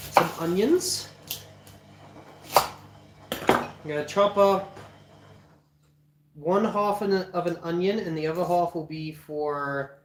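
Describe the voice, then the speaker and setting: Young man, slow rambling cooking stream chat, jokey, echoey kitchen, chopping sounds. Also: high-pitched, background noise. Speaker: cooking livestream host. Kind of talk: casual cooking livestream chat. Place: home kitchen.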